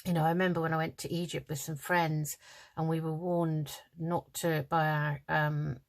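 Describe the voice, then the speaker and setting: A woman's voice: low voice, level tone, moderate pace, creaky. An older woman from the UK, chatting in a rambling way with many ums while she crafts at home, a little tired and yawning. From United Kingdom. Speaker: craft vlogger. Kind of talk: casual chat while crafting.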